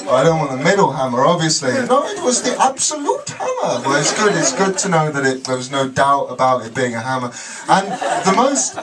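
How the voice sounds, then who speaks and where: Stand-up comic, fairly high voice, rambling and ironic, distant mic in a laughing crowd. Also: male voice. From Britain. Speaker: stand-up comedian. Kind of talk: live stand-up set. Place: comedy club with audience.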